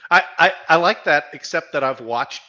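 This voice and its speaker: A man's voice: on the high side, expressive, normal speed, bright, forceful tone. Emphatic man explaining law over a dull line. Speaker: podcast co-host. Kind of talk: casual live-stream panel chat.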